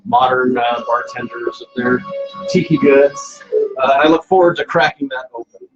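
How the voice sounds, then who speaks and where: A man's voice: mid-range voice, normal speed, highs cut off, music in the background. A man hosting a casual live cocktail stream from home, playful and self-mocking, rambling with fillers. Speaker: cocktail show host.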